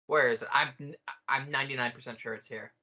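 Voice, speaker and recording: A man's voice: mid-range voice, fairly even intonation, fast, pushed and bright, dull audio. A man co-hosting a podcast, chatting casually and jokingly over a film, swearing often. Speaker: podcast co-host. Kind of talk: casual film commentary chat.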